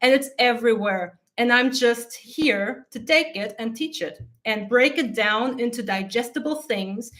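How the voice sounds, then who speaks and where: A woman's voice: a little high, unhurried, hardly any pauses, a bit bright. A woman coach hosting her own channel, talking casually to camera in a blunt, profane, often laughing way. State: teary eyes from allergy. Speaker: mindset coach and channel host.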